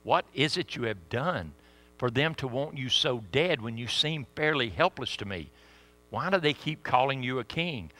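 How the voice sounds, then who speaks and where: A preacher doing a baffled Roman governor. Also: male voice, medium pitch, expressive, moderate pace, pushed and bright, rough recording. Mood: puzzled. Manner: baffled, pressing questions. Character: bewildered Roman governor, a middle-aged man.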